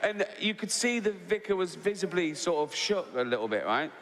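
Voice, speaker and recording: A man's voice: high-pitched, moderate pace, fairly bright tone. A man in his sixties doing stand-up, telling stories in a chatty way and tagging his lines with "right?" while laughing at his own jokes. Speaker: stand-up comedian. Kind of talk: stand-up storytelling. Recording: live hall reverb, faint ambience.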